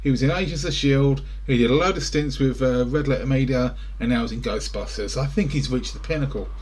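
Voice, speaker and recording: A man's voice: medium pitch, fairly quick, darkish tone, slight background noise. A British man rambling through a casual reaction to film trailers, full of wry asides, recorded indoors in front of a greenscreen.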